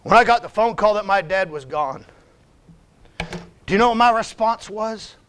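A middle-aged male pastor with a notably high voice delivers a heartfelt sermon. He speaks personally and emphatically, dropping to near-whispers before rising to forceful emphasis. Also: moderate pace, clean tone. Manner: emphatic, personal, swings between hushed and shouted.

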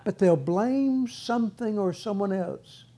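A man's voice: high voice, a little slow, mellow. A man preaching a sermon in a folksy way, repeating words and acting out whiny voices, with a congregation answering. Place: church with congregation responding.

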